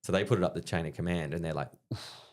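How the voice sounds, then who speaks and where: A man in his thirties with an Australian accent, telling profane, animated stories in casual chat as a guest comedian. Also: low voice, rapid-fire.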